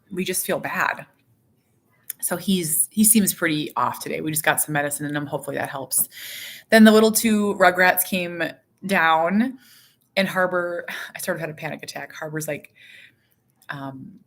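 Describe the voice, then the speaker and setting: A woman talking straight to her viewers in a loose, rambling vlog, her voice sitting a little low for a woman. She drifts through fillers and wry asides about herself, and keeps slipping into little acted quotes. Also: expressive, moderate pace. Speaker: vlogger and mother. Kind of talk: casual personal vlog chat.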